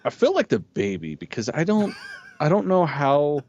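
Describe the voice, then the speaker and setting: A man co-hosting a casual review chat, relaxed and blunt, swearing casually. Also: a little high, normal speed, dull audio. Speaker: co-host.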